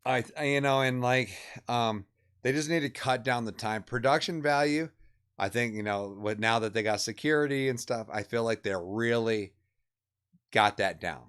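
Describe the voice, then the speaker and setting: A man in his thirties co-hosting a casual stream, laid-back and hesitant, with plenty of pauses and fillers. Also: medium pitch, fairly bright tone, clean tone. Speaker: stream co-host. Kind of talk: casual chat about video game awards.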